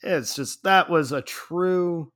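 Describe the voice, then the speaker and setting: A middle-aged man in casual chat, telling a story in an animated way and laughing often. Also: on the high side, takes it slowly.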